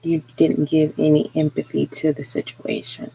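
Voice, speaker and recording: A tarot reader giving a live spiritual reading, talking slowly and earnestly with frequent pauses and fillers. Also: medium pitch, completely flat delivery, vocal fry, dark tone, slight background noise, low-quality recording. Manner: slow, hesitant, many pauses and fillers; earnest, encouraging.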